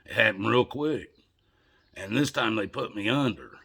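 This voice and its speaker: Man with a low, gravelly voice and a bright, husky edge, casual rambling storytelling. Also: moderate pace. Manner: rambling, conversational, with repeated restarts.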